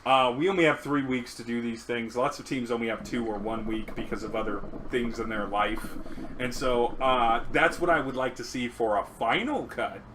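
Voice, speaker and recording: A man's voice: medium pitch, normal speed, fairly bright tone, a little hiss or hum, poor audio. A man who raps, co-hosting a casual song review, joking, laughing and swearing as he talks. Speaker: co-host reviewing songs; rapper. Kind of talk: casual chat.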